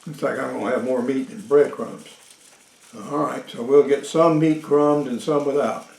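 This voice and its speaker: A man hosting a casual cooking demonstration, talking in a slow, rambling way with frequent fillers and dry jokes. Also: medium pitch, steady tone, vocal fry, a little mellow. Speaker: cooking show host. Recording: echoey room.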